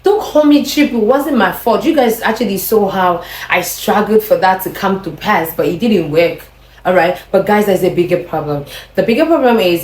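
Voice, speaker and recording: A young woman with a Nigerian accent, telling a personal story to her viewers in a casual, animated way. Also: medium pitch. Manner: animated, acts out quoted lines. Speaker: vlogger. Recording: echoey room.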